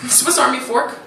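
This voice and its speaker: A woman performing a stand-up comedy set on a club stage, animated and teasing. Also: high-pitched, vocal fry. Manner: animated, teasing, playful put-on voices. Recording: roomy live club recording from a distance, loud noise.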